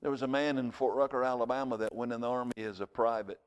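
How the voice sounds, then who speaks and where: Male pastor preaching; lively storyteller who acts out shouting voices. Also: medium pitch, fast, clear, resonant tone. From United States. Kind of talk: sermon.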